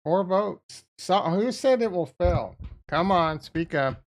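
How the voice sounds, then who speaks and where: Gravelly, excitable livestream man. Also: high-pitched, slow pace. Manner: excitable, profane, riffing with viewers. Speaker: livestream host. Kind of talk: casual livestream chat about trading.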